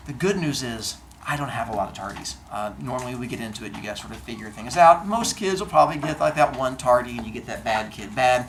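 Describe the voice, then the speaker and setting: A man teaching his class, spinning a comic tale with deadpan exaggeration. His pitch leaps and swoops freely as he tells it. A faint hum of classroom noise sits under his voice. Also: fast, few pauses. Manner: animated storyteller, acts out exchanges in comic voices. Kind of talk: classroom talk to students.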